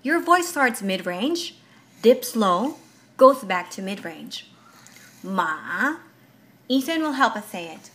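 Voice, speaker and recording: A mother giving a home lesson on Mandarin tones, explaining slowly and drawing out each example syllable. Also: on the high side, very animated, a bit bright. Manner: slow, careful explanations with drawn-out example syllables. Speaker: parent teaching Mandarin tones.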